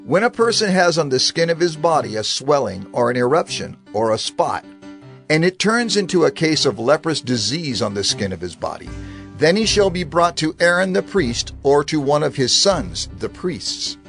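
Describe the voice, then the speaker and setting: Expressive male scripture narrator. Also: a little high, normal speed, vocal fry, soft background music.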